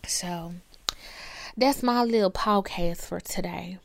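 Woman podcast host, candid, profane, mid-pitched voice, dry close sound. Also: unhurried, dry recording. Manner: candid and profane, warm pep-talk asides. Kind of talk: casual solo podcast monologue. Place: indoors at home with her dog. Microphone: camera recording.

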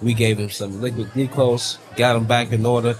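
A man's voice: mid-range voice, little pitch movement, moderate pace. A man who owns a tattoo studio, speaking on a panel in an earnest, matter-of-fact way. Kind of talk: panel discussion. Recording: music behind.

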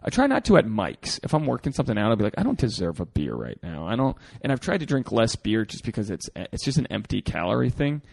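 A man hosting a podcast in relaxed conversation, with a gravelly edge to his voice and a pitch that swings up and down. He rambles, restarts his sentences and laughs often. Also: fast talker, hardly any pauses, no echo, studio quality. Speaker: podcast host. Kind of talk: casual chat.

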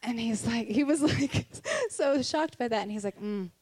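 A woman's voice: on the high side, moderate pace, darkish tone, husky. Candid woman giving a conversational sermon. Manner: candid, earnest, laughs between points. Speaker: Christian speaker.

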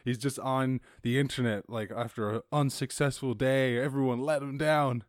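A man's voice: medium pitch, steady tone, moderate pace, hardly any pauses, no room sound, clean studio sound. Joking, rambling man. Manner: rambling, joking, swears, laughs often. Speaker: podcast host. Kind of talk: casual news commentary.

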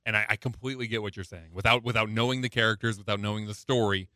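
A man with a bright, slightly low voice and a slight lisp talks in relaxed podcast chat. He often stumbles and repeats his opening words before his point comes out. The sound is dry and close to the mic. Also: rapid-fire, no room sound. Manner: hesitant, repeats words when starting. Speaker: podcast host. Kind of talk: casual chat.

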